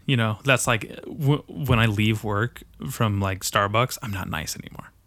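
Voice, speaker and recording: A young man hosting a casual podcast chat, talking in a profane, rambling and excitable way. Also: lowish voice, a little slow, dry recording.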